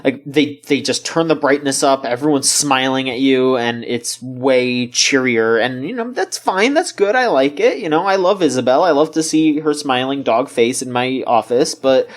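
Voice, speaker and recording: A man co-hosting a gaming podcast, talking in a loose, rambling way. His voice sits in an ordinary middle pitch, and he laughs often. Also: animated, moderate pace, hardly any pauses. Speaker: podcast co-host. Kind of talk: casual chat.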